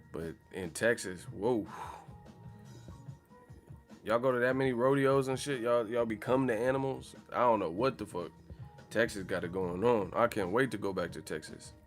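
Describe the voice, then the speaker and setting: A man's voice: lowish voice, moderate pace, pauses often, faint music behind. A man hosting a boxing channel livestream, chatting casually in a profane, joking, slangy way. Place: in the Bay Area, California.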